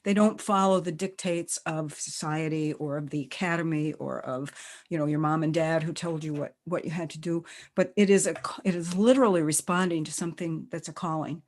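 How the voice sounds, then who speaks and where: A woman's voice: low-pitched, steady tone, a little fast. A woman hosting a panel discussion, speaking thoughtfully with hesitant restarts. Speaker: panel host. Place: video call.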